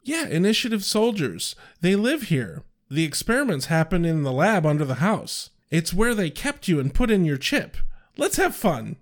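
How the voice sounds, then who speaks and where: A man's voice: high voice, big pitch swings, normal speed. A man voicing a blunt, cheerfully odd young woman, with heavy sing-song inflection.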